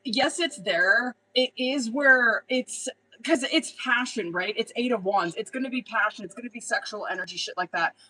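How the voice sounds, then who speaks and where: Casting: young woman tarot reader on a live stream, bright tone, blunt, swears a lot, chatty. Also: a little high, moderate pace, rough recording. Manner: blunt, profane, chatty, laughs often.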